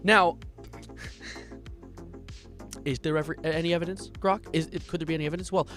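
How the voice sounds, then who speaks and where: A man streaming live, commenting on posts with jokes, frequent laughter and loud incredulous outbursts. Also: a little high, normal speed, soft background music.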